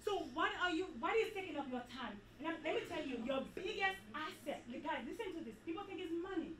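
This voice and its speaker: High-voiced woman preaching at a women's retreat, lively and repetitive, roomy hall sound, mic a bit far. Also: quick pace, a little hiss or hum. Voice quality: animated, preachy, repeats herself for emphasis. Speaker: retreat speaker. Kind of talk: motivational talk to a women's group. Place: event hall. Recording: echoey hall, speaker off-mic.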